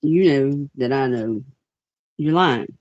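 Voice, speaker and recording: Ranting on her livestream, a female host is blunt, profane and rambling, full of filler words. Her very deep voice is slow and darkish, with no echo, captured in dull lo-fi stream sound.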